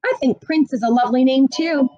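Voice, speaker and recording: A woman's voice: high voice, brisk, mellow, no room sound, lo-fi sound, lightly acted. A woman voicing a mother who settles arguments firmly and kindly. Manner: firm, soothing. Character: firm, motherly woman keeping peace.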